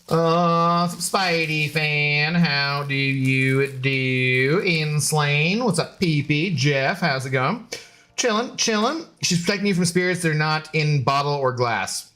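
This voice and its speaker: A man's voice: fairly high pitch, a little slow, fairly bright tone. A man streaming live, chatting casually with viewers in a rambling way and slipping into sing-song baby talk with his dog.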